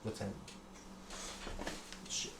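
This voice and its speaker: A young man speaks very slowly in a pushed, bright voice while trading old stories on a podcast. He laughs a lot and his talk is slangy and profane, recorded in an echoey room with faint background noise.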